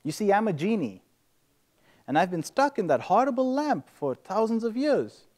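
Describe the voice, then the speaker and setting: A sly, lonely old genie, as a man puts him on while telling a joke. The voice sits fairly high and is delivered deadpan, with little change from the teller's own voice. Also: moderate pace.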